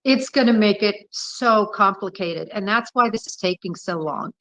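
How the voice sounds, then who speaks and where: A woman guest with a police background explaining forensic evidence in a measured way, pausing often with "uh". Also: medium pitch, expressive, a bit bright, no room sound, poor audio. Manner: measured, hesitant, lots of uh. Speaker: former police investigator as guest. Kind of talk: interview explanation.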